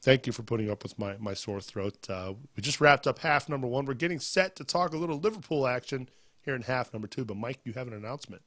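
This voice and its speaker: A man's voice: medium pitch, animated, fast talker, a bit bright, no room sound, clean studio sound. A man with a sore throat hosting a sports podcast, chatting casually and reading plugs in an announcer-like way. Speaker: podcast host.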